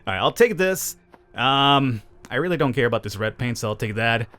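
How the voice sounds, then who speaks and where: A gaming channel host narrates a relaxed let's-play, mocking and playful, posing rhetorical questions to viewers over the soundtrack. His mid-range voice is animated and brisk, with a pushed, bright tone.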